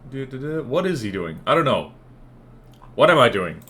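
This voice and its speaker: A man's voice: mid-range voice, moderate pace. A man streaming a game, giving casual, joking commentary and talking to himself. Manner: animated, jokey self-talk.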